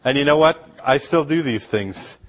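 A middle-aged man from Upper Michigan tells mission stories from the pulpit, joking and asking the congregation questions. His voice sits at an ordinary middle pitch, and he spins anecdotes with a preacher's easy humor. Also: expressive, moderate pace. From Upper Michigan, USA. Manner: anecdotal storytelling with laughs and asides to the congregation. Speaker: missionary speaker.

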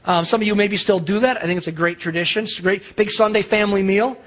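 A man's voice: sits high, fairly even intonation, fast talker, a bit bright. A man preaching a sermon as pastor, telling a story in a chatty way with fillers and restarts.

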